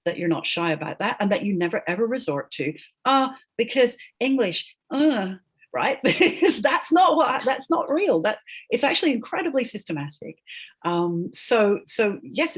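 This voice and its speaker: Woman, linguist guest, husky voice with a lively pitch, emphatic and teacherly. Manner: emphatic, often tags "right?", laughs between points. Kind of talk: animated explanatory interview talk.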